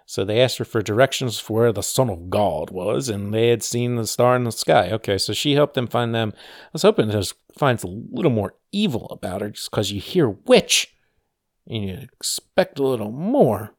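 A man's voice: lowish voice, lively intonation, moderate pace, no room sound, studio quality. A man hosting a podcast alone, chatting casually with wry, rambling, sarcastic asides. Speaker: podcast host. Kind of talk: casual solo podcast chat.

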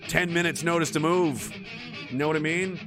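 A man's voice: on the high side, fairly even intonation, normal speed, over music. A man from Western Canada, hosting a livestream and reading viewer messages in a crude, profane, joking way. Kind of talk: casual livestream chat.

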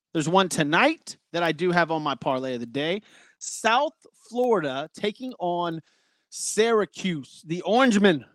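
Guy hosting a sports betting show, kinda high voice, dry close sound, rattles off picks. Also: a bit bright, dry recording. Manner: loose, chatty, apologetic about glitches. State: breathing heavy. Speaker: sports podcast host. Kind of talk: casual sports betting talk.

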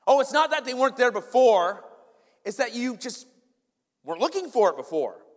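A man preaching a sermon as pastor, swinging between loud emphasis and quiet asides. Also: very high voice, sing-song, normal speed, big-room sound.

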